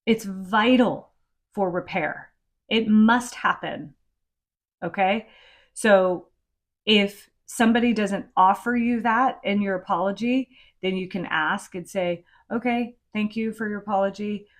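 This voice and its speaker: A woman's voice: medium pitch, measured pace. A middle-aged woman hosting a podcast, giving frank, conversational advice and sometimes swearing. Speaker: podcast host. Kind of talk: casual advice talk.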